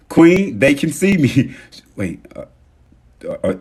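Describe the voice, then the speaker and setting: A man hosting a casual motivational livestream, talking straight to his viewers and thanking them, swinging between loud emphasis and soft murmurs. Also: fairly high pitch, very animated, slow, slightly rough. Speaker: livestream host.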